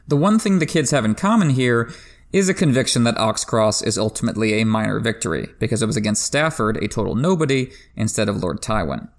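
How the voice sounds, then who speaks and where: Man enthusiastically analyzing a book series. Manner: enthusiastic literary analysis with emphatic pitch jumps; laughs while talking. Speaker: podcast host. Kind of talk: book discussion podcast.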